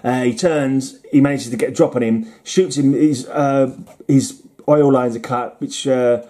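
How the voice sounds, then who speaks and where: A man's voice: mid-range voice, steady tone, measured pace, mellow. A man casually summarizing old comic stories, rambling with restarts and chuckles. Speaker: comic reviewer. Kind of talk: casual chat.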